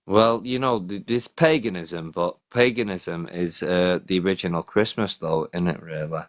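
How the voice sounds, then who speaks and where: Over dull, lo-fi live stream audio, a low-voiced man from Britain chats casually at a normal speed. He's the host, and he talks hesitantly, often starting his sentences over.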